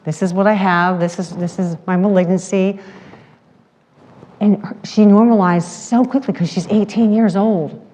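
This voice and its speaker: Woman presenter, mid pitch, lively storyteller who acts out quotes, echoing hall sound. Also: normal speed. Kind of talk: animated storytelling talk with slides. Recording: long hall reverb.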